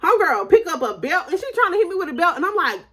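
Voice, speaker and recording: Quick and sing-song, her very high, slightly bright voice carries a casual storytime for viewers. The young adult woman is chatty and slangy, laughs often while talking, and addresses everyone as y'all.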